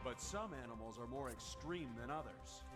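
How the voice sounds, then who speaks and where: A man's voice: medium pitch, animated, normal speed, over loud music. A man reading a nature documentary's narration in a dramatic, ominous way. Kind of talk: scripted narration.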